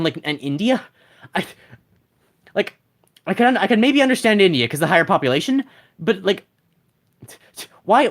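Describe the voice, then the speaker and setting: Over what seems to be a simple desk microphone, a game streamer chats casually with viewers on a live stream, drifting from thought to thought and often starting sentences over. Messages get read out loud, and the pitch moves widely and animatedly as each idea unfolds.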